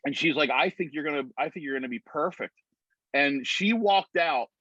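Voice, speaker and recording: A man telling an animated story on a video call, acting out the voices of other people. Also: on the high side, moderate pace, breathy edge, no room sound. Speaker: guest. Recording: dry muffled video-call audio.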